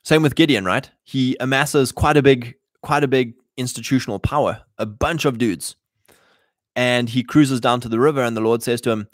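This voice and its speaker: A man's voice: mid-range voice, moderate pace, no room sound, studio quality. A man hosting a casual, preaching talk to other men, blunt and exhorting, retelling old stories in everyday slang. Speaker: podcast host addressing men.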